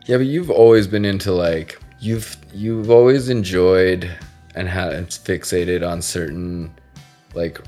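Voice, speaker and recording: Deep-voiced, profane podcast host. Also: male voice, steady tone, measured pace, dark tone, soft background music. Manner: profane, meandering, frequent restarts. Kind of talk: casual chat.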